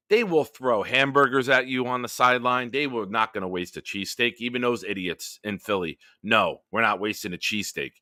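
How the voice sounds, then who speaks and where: A man's voice: fairly low pitch, pushed and bright, dry recording, clean studio sound. A man hosting a live-stream sports chat, ranting profanely and heatedly, then chatting with viewers. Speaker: host.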